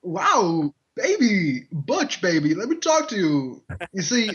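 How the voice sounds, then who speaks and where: A man on a casual podcast putting on a slow, halting celebrity impression of an adult man with crude, drawn-out phrasing. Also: high voice, very animated, a bit bright, heavily acted. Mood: crude drawl. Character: adult male gangster-ish smooth talker impression, crude. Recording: dull lo-fi podcast audio.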